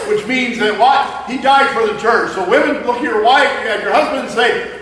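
A man's voice: very high voice, moderate pace, fairly bright tone, slight background noise. A man preaching a sermon as a pastor, conversational and joking with the congregation. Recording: echoey hall mic from far off.

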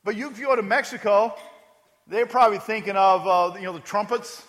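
A man preaching a sermon in a lively, conversational style, with joking asides and questions to the congregation. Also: high-pitched, brisk. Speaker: pastor. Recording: echoey hall.

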